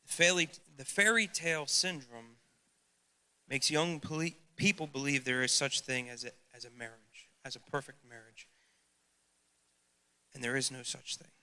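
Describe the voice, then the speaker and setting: A man's voice: mid-range voice, fairly even intonation, normal speed, sharp tone, clean tone. A middle-aged man preaching a sermon as youth pastor, earnest and emphatic, speaking straight to his listeners.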